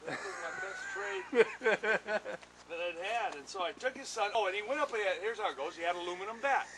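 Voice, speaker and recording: Older man, high-pitched, lively anecdote teller in a workshop with a noisy background. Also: brisk. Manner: animated yarn-spinner who acts out other people's lines. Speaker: retired pitcher, interviewee. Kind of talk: casual anecdotal storytelling. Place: home bat workshop.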